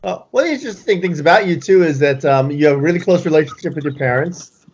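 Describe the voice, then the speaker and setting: A man's voice: on the high side, fast. A man hosting an interview, asking questions in a friendly, hesitant way. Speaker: interviewer host. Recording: dull lo-fi audio with faint noise.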